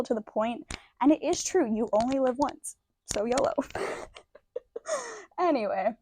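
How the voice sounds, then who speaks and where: A woman's voice: fairly high pitch, darkish tone. A young woman giving a casual, chatty yoga demonstration, a little out of breath from moving through poses. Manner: chatty, self-deprecating, demonstrating poses while talking. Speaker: yoga instructor. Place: indoor room, yoga mat.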